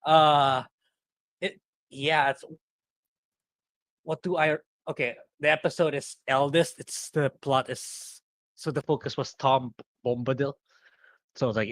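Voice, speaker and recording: A man's voice: mid-range voice, steady tone, a little slow, pauses often, a bit bright, dry recording. A man co-hosting a casual podcast, stammering through his thoughts and breaking into giggles. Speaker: podcast co-host. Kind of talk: casual chat.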